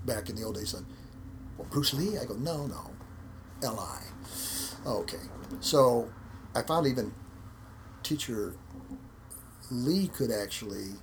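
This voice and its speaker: Gravelly American man, interview guest, loose anecdotal delivery, faint noise floor. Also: fairly low pitch. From United States. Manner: rambling, repeats words, acts out quotes. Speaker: interview guest, martial arts instructor. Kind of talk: casual storytelling interview.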